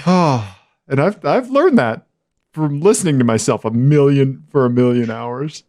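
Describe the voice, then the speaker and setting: A man with a high-pitched voice co-hosts a casual podcast chat. His delivery is animated and swings widely in pitch. He keeps the talk moving with quick yeahs and okays at a middling pitch for a man. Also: dry recording, studio quality. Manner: animated, chatty, frequent back-channel yeahs. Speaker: podcast co-host.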